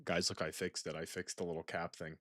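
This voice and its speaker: Speaking fairly quickly in a low, bright, forceful voice with little pitch movement, a young gaming streamer is captured in clean studio sound without echo. His casual commentary on the video game rambles and breaks off as he talks to a friend off-mic.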